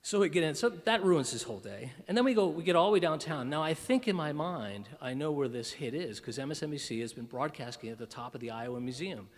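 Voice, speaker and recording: A man's voice: a little high, expressive, quick pace, hardly any pauses. A man giving a keynote talk at a breakfast event, telling a story with lots of "you know" and "right". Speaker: keynote speaker.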